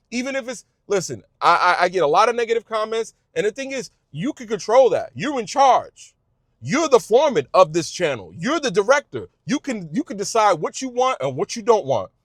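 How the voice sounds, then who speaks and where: A man's voice: high-pitched, a bit bright, no echo, clean studio sound. A man giving passionate advice to other video creators, emphatic and repetitive, with frequent restarts and a casual "y'all". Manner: informal speech, says y'all. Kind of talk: passionate direct-to-camera advice.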